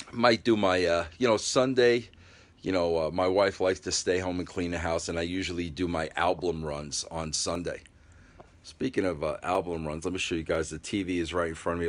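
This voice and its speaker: Guy with a real low voice rambling on a phone livestream at home, lots of uh and bro, reading chat out loud. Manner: loose, rambling talk with "bro" and many fillers; reads viewer comments aloud and replies. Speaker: livestream host. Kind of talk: casual live-stream chat. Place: at home, just out of the shower.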